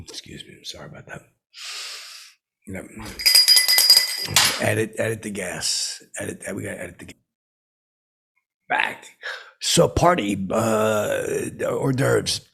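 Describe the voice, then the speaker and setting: For an in-character comedy podcast, a man plays a belligerent, boastful has-been, rambling and stumbling with lots of fillers and restarts. His voice is lowish and gravelly, and the audio is very noisy.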